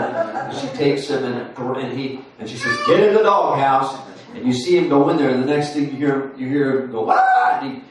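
A man in his forties preaching a sermon in a folksy storytelling way, full of fillers and restarts. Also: medium pitch. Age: 40s. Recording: roomy far-off sound with faint noise.

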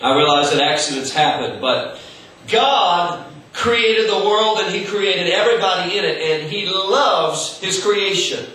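Man, pastor, sermon, high voice, halting with repeated words, heavy room echo, far from the mic. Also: bright, forceful tone. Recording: echoey room, far from the mic, faint noise.

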